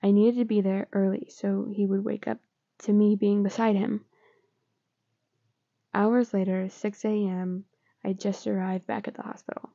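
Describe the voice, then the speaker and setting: A woman reading fan fiction aloud in a plain, unhurried way, with small slips. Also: mid-range voice, flat delivery, gravelly, warm tone, no room sound, dull audio. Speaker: fanfiction reader.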